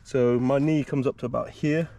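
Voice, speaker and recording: Out in a woodland, this UK wild camper talks to the camera on his own, explaining each piece of kit in turn in an easygoing vlog style. His mid-range, gravelly voice stays fairly even at a moderate pace, hushed almost to a whisper. The audio is muffled, with no room sound.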